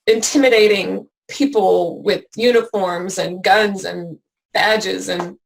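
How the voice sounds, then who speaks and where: A woman giving an emotional personal account as an interview guest, halting with many fillers and restarts. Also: medium pitch, steady tone, vocal fry, poor audio.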